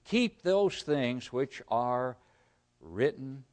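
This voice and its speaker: A man preaching a sermon. He reads scripture aloud, explains it and asks the congregation rhetorical questions, rising loud for emphasis and dropping almost to a murmur. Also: mid-range voice, lively intonation, extremely slow. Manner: rises loud for emphasis, then drops to a near-murmur.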